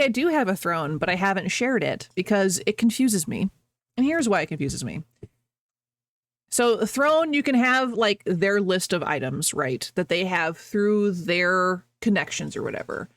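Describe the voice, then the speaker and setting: A woman's voice: medium pitch, fairly bright tone, dry recording. A woman streamer chatting casually with her viewers, rambling, laughing often and breaking off mid-sentence.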